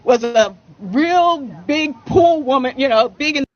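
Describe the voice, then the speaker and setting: A woman's voice: sits high, measured pace. A woman telling an anecdote to an audience in a conversational, storytelling way, heard from a played clip. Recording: dull played-back clip.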